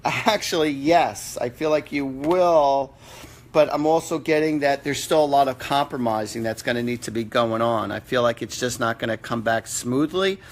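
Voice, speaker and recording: A man hosting a live-stream psychic reading. He answers viewers' questions in an earnest, halting way, with many fillers and restarts. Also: mid-range voice. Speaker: psychic medium host.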